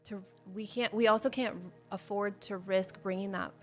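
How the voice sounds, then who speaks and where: A woman with a mid-range voice leads a livestreamed devotional teaching in an earnest, conversational way. She talks straight to her viewers and candidly shares her own faith struggles. Soft music plays faintly underneath. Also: medium pitch, steady tone, moderate pace. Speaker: host of a Bible study show.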